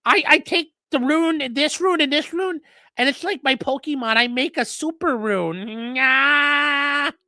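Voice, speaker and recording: A man's voice: very high-pitched, measured pace, pushed and bright, no room sound, voice pushed up, exaggerated voice. A man putting on the voice of a dopey grown man boasting about his runes, goofy and drawn out.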